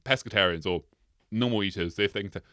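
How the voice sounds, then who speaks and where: A man's voice: fast, dry recording. A man hosting an anime explainer video, ad-libbing off his script, going on tangents and laughing as he talks. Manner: tangent-prone, laughs often, animated swings in pitch. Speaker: anime video essay host. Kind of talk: rambling, ad-libbed commentary.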